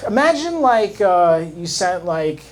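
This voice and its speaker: A man doing a stand-up set in a comedy club, halting and awkward with many fillers and restarts. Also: sits high, big pitch swings, a crowd in the background.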